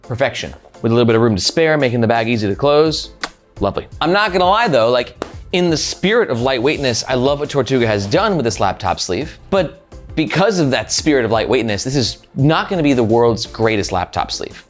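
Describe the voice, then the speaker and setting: A male host talking through a backpack review in a chatty, upbeat way, his pitch bouncing around animatedly. Mid-range in pitch, he keeps things casual with plenty of fillers. Soft music plays faintly underneath. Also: expressive, fairly quick. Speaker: gear reviewer, channel host. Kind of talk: casual product review vlog.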